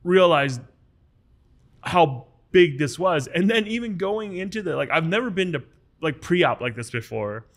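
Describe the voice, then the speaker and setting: A man's voice: on the high side, measured pace. A man from the United States talks as a guest on a podcast. He tells his story casually and with energy. He restarts his sentences often and acts out what other people said. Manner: animated, acts out quoted dialogue, many restarts.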